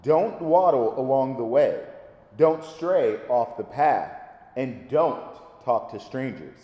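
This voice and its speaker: A man's voice: mid-range voice, animated, slow pace, lo-fi sound, voice pushed down. A man voicing a stern, caring mother in a storybook reading, giving firm warnings. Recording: echoey reverberant room.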